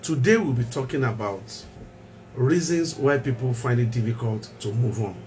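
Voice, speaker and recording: A man hosts a mental health talk show in the role of a doctor. He speaks at a middling pitch and talks emphatically, driving points home with repeated phrases and rhetorical questions. Faint noise sits behind his voice. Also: moderate pace, a little mellow.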